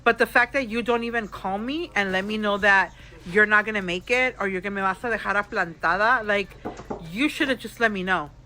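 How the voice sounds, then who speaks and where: A woman's voice: medium pitch, brisk, sharp tone, low-quality recording. Tipsy woman venting on a storytime vlog. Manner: frank, chatty, addresses viewers as girl and y'all. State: a little tipsy. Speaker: vlogger. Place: hotel room, alone.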